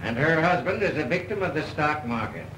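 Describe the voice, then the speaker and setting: A man's voice: a little high, lively intonation, fairly quick, close to an everyday voice. An actor playing a dry-witted wealthy father in a 1930s film, sardonic and indulgent. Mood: wry. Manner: sardonic, wry. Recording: old film soundtrack with faint hiss.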